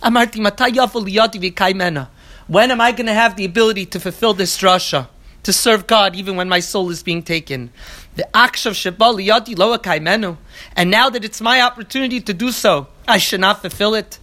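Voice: medium pitch, fairly quick, pushed and bright. A teacher giving an evening lecture on a Talmud passage, reading each line in the original and translating it phrase by phrase, with earnest restated phrases and a few hesitant fillers. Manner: occasional hesitant fillers while searching for words. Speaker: Torah teacher.

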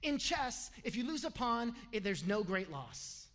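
A man preaching a sermon with a lively, animated delivery and humorous asides. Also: sits high, unhurried. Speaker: pastor. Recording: long hall reverb.

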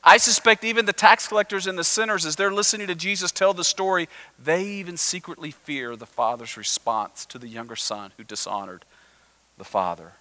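A male pastor preaching a sermon, animated and acting out the voices of the listeners in the story. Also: high voice, brisk.

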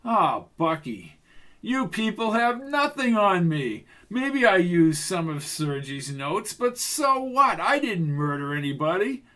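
Man playing a smug evasive professor, raised pitch, audiobook suspect. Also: sing-song, unhurried, a bit bright, heavily acted. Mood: defiant.

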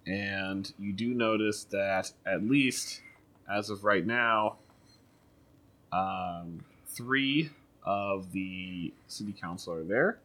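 A man's voice: lowish voice, drawn-out words, sharp tone. A man narrating a tabletop game as game master, in loose, rambling talk.

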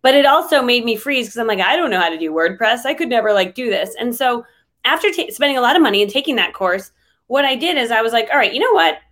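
A woman speaking as a guest in a casual interview, chatty and lively, with frequent fillers and laughs. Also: on the high side, quick pace. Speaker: interview guest, online trainer.

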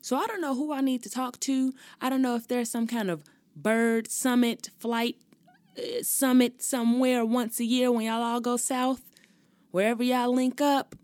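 A woman's voice: on the high side, fairly even intonation, moderate pace, a little mellow, no echo. A young adult woman hosting her own podcast, talking casually and expressively, ranting and cursing freely. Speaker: podcast host. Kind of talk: casual solo talk.

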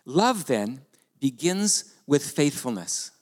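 A man preaching a sermon as pastor, animated and conversational, with rhetorical questions to the congregation. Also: medium pitch, slow pace. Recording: long hall reverb.

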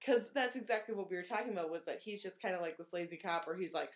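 A woman's voice: on the low side, fast. A young woman co-hosting a casual film chat, laughing often and filling with "like". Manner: laughs often, many fillers. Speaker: podcast co-host. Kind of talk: casual movie discussion.

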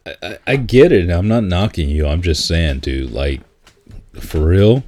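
A man in casual chat, laid-back and laughing often, repeating words when he gets excited. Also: low-pitched, measured pace, a little hiss or hum.

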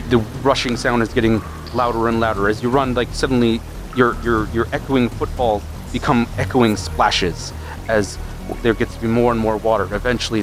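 A man running a tabletop role-playing game as game master, narrating in a halting way with repeated words. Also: on the low side.

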